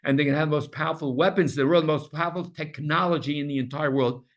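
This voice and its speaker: A man's voice: fairly high pitch, steady tone, fast talker. A man teaching a scripture lesson to a small class, emphatic and repeating words as he builds each point.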